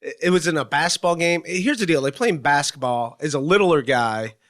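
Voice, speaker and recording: A man's voice: a little high, lively intonation, a bit bright. Cleveland guy answering interview questions, lots of ums, rambly storytelling. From Ohio, Cleveland. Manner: halting, full of fillers and restarts, storytelling.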